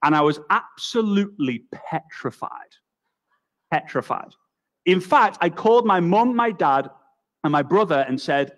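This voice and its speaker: A young man with a Liverpool accent giving a motivational talk on network marketing, telling stories with energetic, quick repetitions. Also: a little high. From England.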